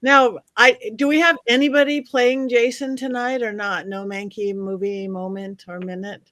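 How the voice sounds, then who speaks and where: High-pitched lady host running the vote, brisk, dry close sound. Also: level tone, fairly bright tone, no room sound. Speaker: podcast host. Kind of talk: casual panel chat, running the vote.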